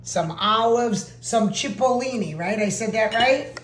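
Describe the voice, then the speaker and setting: A woman's voice: on the high side, slow pace. Chatty woman in an echoey kitchen. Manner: chatty, laughs easily, asks for approval. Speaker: home cook vlogger. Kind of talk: casual cooking vlog chat. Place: home kitchen.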